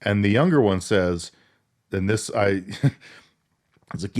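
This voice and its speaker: A man's voice: lowish voice, slow, long pauses, darkish tone. A man co-hosting a podcast, casually recapping a film with crude jokes. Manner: laid-back storyteller, crude jokes. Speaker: podcast co-host. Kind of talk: casual movie recap chat.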